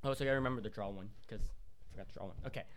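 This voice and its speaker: A man's voice: lowish voice, very fast. A young man co-hosting a casual podcast, reading game cards with playful mock advice. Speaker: podcast co-host. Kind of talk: casual chat over a card game.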